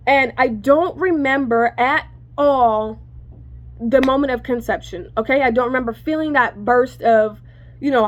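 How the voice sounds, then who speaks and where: A woman telling a personal story to her viewers in casual chat, rambling and correcting herself, cursing freely. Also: fairly high pitch.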